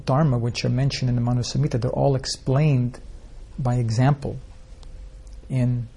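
Gravelly man giving a scripture talk. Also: mid-range voice, little pitch movement, moderate pace, dark tone. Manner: rambling storytelling with rhetorical questions. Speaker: spiritual teacher. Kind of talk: informal scripture class.

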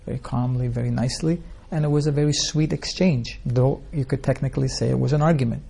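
The spiritual teacher talks fast now, his medium-pitched voice dark and breathy with vocal fry. He wanders through stories in his informal scripture class, asking the group rhetorical questions.

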